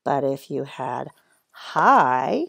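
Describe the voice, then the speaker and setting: A woman teaches young children phonics, spelling each word slowly letter by letter. Her voice sits a little low and has a gravelly edge, and she takes her time. She keeps an encouraging tone throughout. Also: very animated. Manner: slow, spells words letter by letter.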